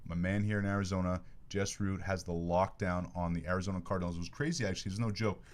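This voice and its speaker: Male podcast host, low-ish voice, chatty and joking, casual studio sports talk. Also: fast. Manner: jokey, chatty, animated plugs.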